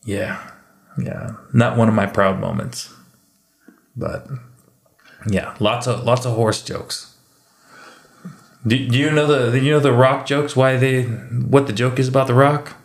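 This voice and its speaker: A man chatting casually and telling animated stories, sometimes slipping into mimicked accents. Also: medium pitch, a little slow, creaky, pauses often. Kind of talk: casual chat. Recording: echoey room.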